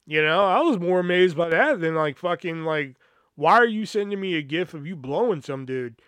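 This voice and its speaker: A man's voice, pitched a little high for a guy, spins a loose personal story into a podcast mic. He swears constantly and trails off into fillers and restarts. The sound is close and dry, with no room around it. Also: animated, normal speed, a bit bright, smooth, no echo. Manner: rambling, profane, filler-heavy. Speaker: podcast host. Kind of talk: casual storytelling monologue.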